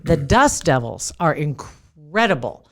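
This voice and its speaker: A woman's voice: sits low, very animated, slow. A middle-aged woman with a Midwest American accent, co-hosting a podcast in a studio, chatty and laughing often. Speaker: podcast co-host. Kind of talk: casual chat.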